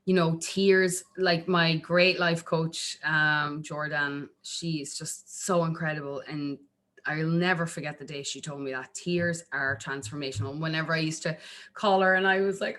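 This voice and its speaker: An Irish woman from Ireland, a singer-songwriter chatting casually as an interview guest, animated and full of restarts. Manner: animated, acts out quotes in a jumpy high voice, lots of restarts.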